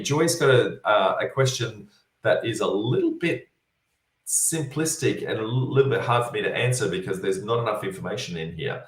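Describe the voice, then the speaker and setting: A tired man with a very low voice works through viewer questions point by point, padding his teaching with fillers and calling his listeners folks. He sits a little back from the mic in a roomy, echoing space. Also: expressive, normal speed, distant mic. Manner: instructive, repeats points, many fillers. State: tired, yawning. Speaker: property development educator answering viewer questions. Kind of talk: online Q&A session.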